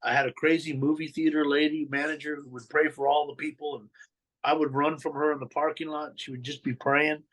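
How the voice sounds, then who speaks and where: A middle-aged man with a somewhat high voice relates his past to a podcast host in candid storytelling. He talks in blunt street slang and swears freely. He slips into the voices of the people he quotes. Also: level tone, a little fast, fairly bright tone, rough recording. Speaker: podcast guest telling his life story.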